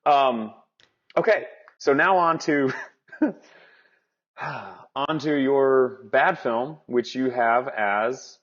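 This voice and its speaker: A man chatting casually about films on a podcast, his thoughts tumbling out in restarts and laughter. His voice sits at an ordinary middle pitch. The recording is dull and lo-fi. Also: very slow, pauses often, fairly bright tone. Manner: rambling, self-interrupting, laughs often. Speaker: podcast co-host. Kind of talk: casual movie review chat.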